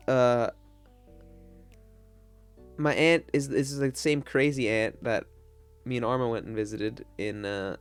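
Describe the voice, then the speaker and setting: Rambling young New streamer guy. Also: mid-range voice. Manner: rambling, loose, with many restarts and swearing. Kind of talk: casual storytelling to a live stream chat.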